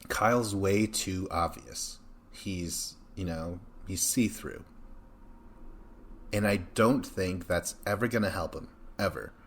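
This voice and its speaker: A man hosting a podcast in loose casual chat, rambling and swearing with a joking tone. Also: low voice. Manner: rambling, profane, jokey. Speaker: podcast host.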